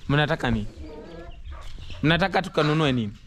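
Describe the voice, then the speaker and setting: A man's voice: a little high, expressive, quick pace, heavy background noise. A man talking casually to camera in broken English and coaxing his young children, in a home family vlog. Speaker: vlogger.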